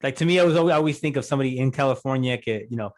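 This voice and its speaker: A man hosting a podcast, chatting casually with his guest and filling his talk with "you know" and "like". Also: mid-range voice. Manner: quick, chatty, many fillers. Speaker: podcast host. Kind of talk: casual interview chat.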